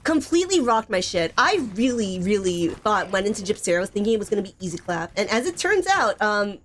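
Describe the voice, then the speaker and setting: A woman's voice: medium pitch, sing-song, brisk, slight background noise. Chatty young woman gaming streamer. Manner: chatty, giggly, lots of "like" and "bro". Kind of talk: casual gaming stream chat.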